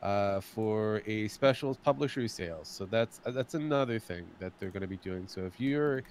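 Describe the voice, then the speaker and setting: A man's voice: on the low side, moderate pace, a little mellow, slight background noise. A man co-hosting a casual gaming podcast, talking loosely and repeating words as he thinks. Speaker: podcast co-host.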